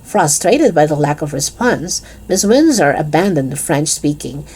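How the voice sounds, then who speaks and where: A woman reading a children's chapter book aloud in an expressive, lively storytelling manner. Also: low voice, normal speed, slightly rough.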